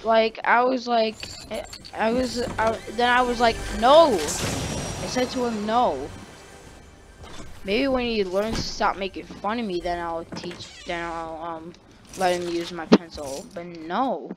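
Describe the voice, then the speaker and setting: A man's voice: sits high, fairly even intonation, a little slow, music in the background. A teenage boy telling a casual story-time tale, rambling and correcting himself often. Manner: rambling, full of fillers and self-corrections.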